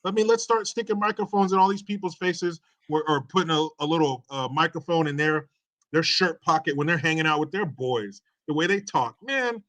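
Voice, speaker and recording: Bright joking man from West Virginia. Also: fairly high pitch, a little fast. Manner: joking, blunt. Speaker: panel guest.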